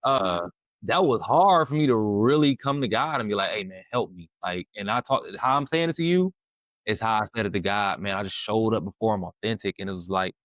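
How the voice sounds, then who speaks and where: A man talking casually about faith and dating as a podcast guest, animated and fond of "you know what I'm saying", sometimes acting out his prayers. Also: on the low side, brisk, dry recording. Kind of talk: casual faith-based conversation.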